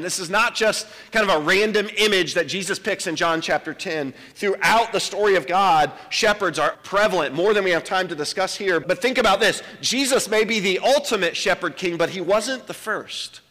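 Man preaching a sermon, high voice, bright and forceful, long hall reverb, emphatic with slow quoted lines. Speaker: pastor. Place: church sanctuary.

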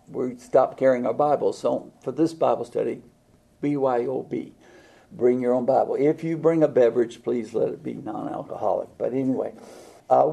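A man preaching a sermon in a folksy, halting way, with frequent fillers and restarts. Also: mid-range voice, gravelly, dark tone. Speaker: pastor.

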